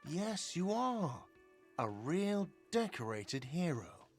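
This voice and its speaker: A man's voice: fairly high pitch, very animated, slow pace, faint music behind, full character voice. Whiny sarcastic innkeeper guy from a game, voice jumps all over. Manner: sarcastic, irritable. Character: whiny, sarcastic male hostel manager. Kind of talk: video game voice acting.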